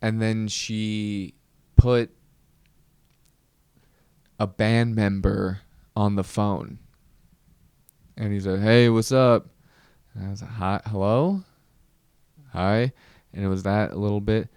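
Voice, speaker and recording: A young man hosting a podcast, telling a comedic story with animated, exasperated outbursts. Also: lowish voice, slow, pauses often, clear, resonant tone, dry recording, clean studio sound. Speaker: podcast host.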